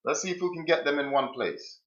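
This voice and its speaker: A man's voice: a little high, lively intonation, fairly quick, fairly bright tone. A man commenting on a played clip. He is emphatic and repeats his questions to drive the point home. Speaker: streamer reacting to a clip. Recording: roomy, dull lo-fi sound.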